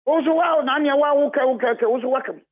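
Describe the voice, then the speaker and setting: A man's voice: extremely high pitch, fast talker. A Ghanaian man, a party official, speaking emphatically and repetitively as a radio guest, switching between English and Twi. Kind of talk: heated radio phone-in talk. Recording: phone-line audio.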